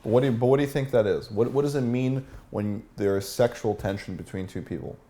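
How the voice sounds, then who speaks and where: A man's voice: medium pitch, fairly quick, dark tone. A man teaching a seminar as a dating coach, asking the room questions and acting out example lines.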